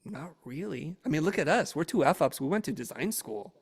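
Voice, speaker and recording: A middle-aged man quoting his exasperated wife in his own gravelly voice. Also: a little high, lively intonation, moderate pace, voice pushed up, heavily acted. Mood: blunt.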